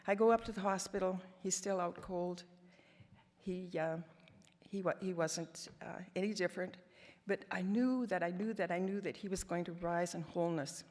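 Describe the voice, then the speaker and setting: A woman's voice: fairly low pitch, steady tone, normal speed, darkish tone. A woman in her seventies from Canada, giving a personal testimony as guest speaker, telling stories with wry, self-deprecating humor. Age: 70s. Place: large hall. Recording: long hall reverb.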